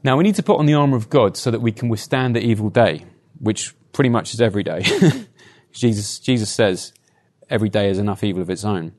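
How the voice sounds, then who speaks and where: A preacher gives a chatty, conversational sermon full of personal anecdotes, often tacking on tag questions like "right?". His voice is on the low side, animated and a little mellow, moving fairly quickly.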